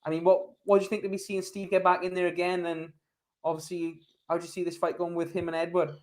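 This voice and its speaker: A man's voice: high-pitched, monotone, fast. A man hosting a sports podcast in casual chat, enthusiastic and leading the discussion. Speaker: podcast host.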